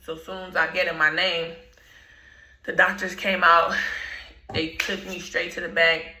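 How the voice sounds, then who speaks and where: A woman telling a personal story in slangy, laid-back storytime talk, often clearing her throat. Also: fairly low pitch, level tone, moderate pace, sharp tone, roomy sound, poor audio. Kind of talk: casual storytime.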